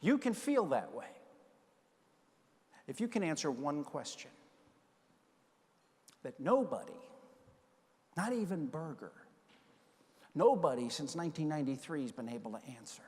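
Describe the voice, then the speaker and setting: A middle-aged man giving a conference keynote, telling a story and acting out the dialogue with lively energy. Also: fairly high pitch, unhurried, pauses often. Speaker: keynote speaker. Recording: long hall reverb.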